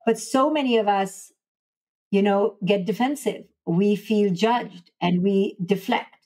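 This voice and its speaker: A woman's voice: medium pitch, takes it slowly, a little mellow. A woman psychologist answering interview questions in an earnest way, acting out parent and child lines as she explains. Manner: earnest, acts out parent-child dialogue in quotes. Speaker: clinical psychologist and author, podcast guest.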